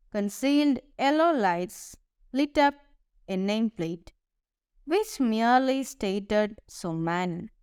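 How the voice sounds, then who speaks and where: A woman narrating an audiobook in a measured first-person storytelling manner. Her pitch rises and falls in a lively way at a slow, deliberate pace, while her voice stays smooth and crisp. It is close-miked and dry, with no room sound. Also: no echo. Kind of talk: audiobook reading.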